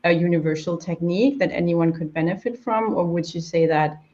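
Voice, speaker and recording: A woman's voice: fairly low pitch, brisk, a little mellow, highs cut off. A woman hosting a podcast, asking a long, thoughtful question full of fillers. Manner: thoughtful, rambling, many fillers. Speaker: podcast host. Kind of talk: casual interview question.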